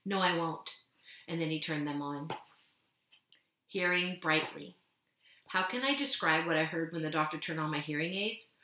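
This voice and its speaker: A woman reads a novel aloud with expressive, clear storytelling. Her voice is bright and forceful, a little low in pitch, and the room adds noticeable echo. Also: normal speed, pauses often. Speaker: teacher reading aloud. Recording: echoey room.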